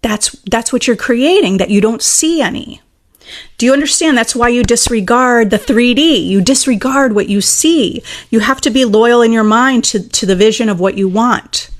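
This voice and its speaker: Speaking at a normal speed in a voice on the higher side, this manifestation coach teaches through a relaxed monologue. She answers questions from viewers and hammers home her main ideas with earnest emphasis and repetition.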